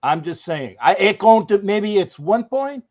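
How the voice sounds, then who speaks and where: A man's voice: high-pitched, lively intonation, measured pace, a little mellow. A man hosting a sports podcast, talking in a joking, boisterous way and breaking into song. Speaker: podcast host. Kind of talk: casual sports talk. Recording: dull lo-fi audio.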